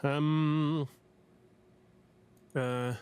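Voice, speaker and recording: An actor playing a hesitant, awkward man in counseling who speaks haltingly with many fillers. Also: fairly high pitch, little pitch movement, darkish tone, clean tone. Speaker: client.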